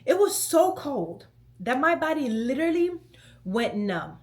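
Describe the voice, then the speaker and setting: A young woman telling a storytime vlog in an animated, chatty way, full of "like" and "let me tell you". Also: sits high, unhurried. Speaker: vlogger.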